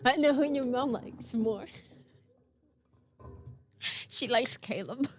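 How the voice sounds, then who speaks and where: A young woman co-hosting a casual podcast, teasing her partner and chiming in with quick remarks. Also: sits high. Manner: teasing, chiming in and laughing along. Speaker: podcast co-host. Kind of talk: casual chat.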